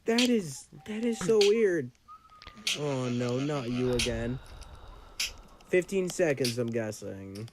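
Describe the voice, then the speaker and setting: A young man streaming a game, chatting and reacting with sudden loud yelps. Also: mid-range voice, sing-song, takes it slowly, pauses often, noisy background. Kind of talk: casual gameplay commentary. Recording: game music playing behind.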